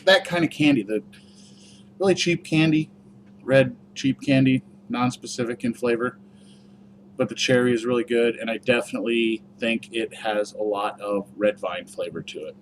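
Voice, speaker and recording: A man's voice: mid-range voice, fairly even intonation, normal speed, slight background noise. Chatty man rambling through a review. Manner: rambling, chatty, many fillers. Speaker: product reviewer. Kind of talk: casual review vlog.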